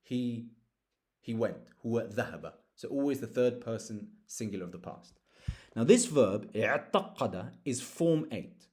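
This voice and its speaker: A man with a medium-pitched, expressive, slightly mellow voice speaks a little slowly while teaching an Arabic grammar lesson. He patiently explains roots, spells out root letters, and walks through verb conjugations one form at a time.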